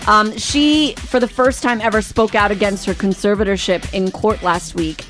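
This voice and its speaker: A woman co-hosting a radio show, chatty and teasing, telling stories with lively energy. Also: mid-range voice, normal speed, faint music behind. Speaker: radio host. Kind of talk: morning radio banter.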